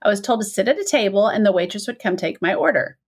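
Woman podcast host reading mail out loud, bouncy expressive voice, laughs a lot. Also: medium pitch, fast talker, slightly rough. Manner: reads letters aloud, warm banter, laughs often. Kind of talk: casual chat, reading listener mail. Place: lives in the American South.

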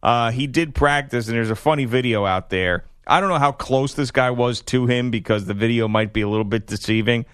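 A man's voice: mid-range voice, brisk, hardly any pauses, a bit bright, clear, resonant tone, no echo, clean studio sound. A man hosting sports talk radio, joking and laughing through casual banter with co-hosts.

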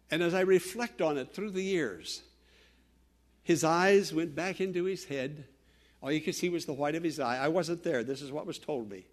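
A man from Western Pennsylvania preaches a radio sermon with a somewhat high-pitched voice. He tells personal stories earnestly, swinging from loud exhortation to hushed, quiet tones. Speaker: pastor.

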